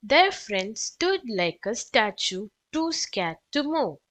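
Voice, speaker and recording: A woman reading a children's picture book aloud, expressive and clear for young listeners. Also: a little high, takes it slowly. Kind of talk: read-aloud storytelling for kids.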